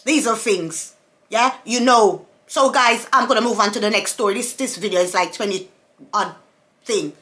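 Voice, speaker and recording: A woman's voice: mid-range voice, moderate pace, a bit bright. A woman, a mother talking to her camera in an emphatic, repetitive rant full of rhetorical questions. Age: adult, mother of several children. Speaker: vlogger. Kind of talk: casual monologue to camera.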